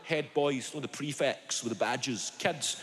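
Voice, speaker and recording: Medium-pitched and heard over a noisy background, this Glaswegian comedian in his thirties does sweary stand-up in a theatre for a live crowd. He's from Scotland and mixes storytelling with quick asides, and the live hall echoes with loud audience laughter.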